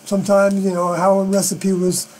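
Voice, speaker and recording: A man talking alone on a live stream, rambling and halting, with many fillers and unfinished sentences. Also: high-pitched, monotone, a little mellow, rough recording. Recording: mains hum behind the voice.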